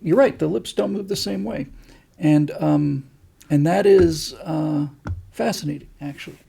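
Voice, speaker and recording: A middle-aged man hosts a casual livestream, answering viewer comments in a rambling, enthusiastic way with many fillers. His voice is a little high, unhurried, creaky, husky, and warm in tone.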